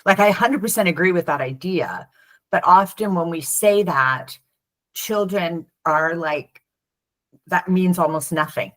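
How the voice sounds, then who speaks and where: A woman's voice: lowish voice, measured pace. A middle-aged woman, a former teacher turned parent coach, talking in an interview and acting out the voices of children and parents in her stories. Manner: animated storyteller who acts out children's and parents' voices. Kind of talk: conversational interview.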